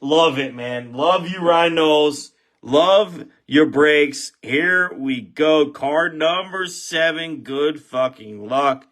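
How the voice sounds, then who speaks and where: Loud, swearing male box break host, high and bright voice, swings wildly in pitch, bursts into shouts. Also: takes it slowly. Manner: excitable, profane, shouts at big pulls. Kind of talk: live box break stream commentary.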